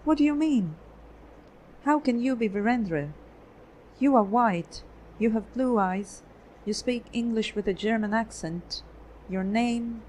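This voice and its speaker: A woman voicing a sharp, curious male detective who questions with pointed insistence. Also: mid-range voice, animated, a little hiss or hum, pitched above the performer's own voice, natural voice, rough recording. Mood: inquisitive. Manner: inquisitive, quick questions.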